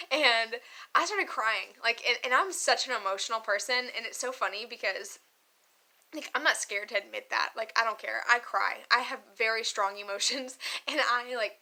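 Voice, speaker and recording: Bright, chatty young woman vlogging. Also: a little high. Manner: chatty, emotional, laughs often, many fillers. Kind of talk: casual chat to camera.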